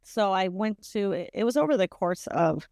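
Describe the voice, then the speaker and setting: A woman's voice: mid-range voice, expressive, normal speed, darkish tone, no echo, clean studio sound. A woman telling her own story as a podcast interview guest, earnest and rambling, with frequent restarts and self-corrections. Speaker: guest sharing a personal story.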